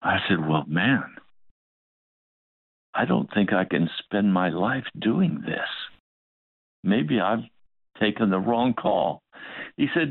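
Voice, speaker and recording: A male pastor tells a story in his sermon, acting out each side of the dialogue. His voice is low-pitched and gravelly. The recording is dry and narrow, like a phone line. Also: animated, takes it slowly, long pauses, dry recording.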